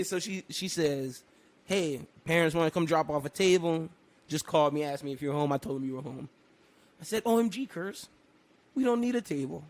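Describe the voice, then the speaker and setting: A man co-hosting a casual podcast, telling a story with animated energy, laughing often and breaking into loud bursts. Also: high-pitched. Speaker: podcast co-host.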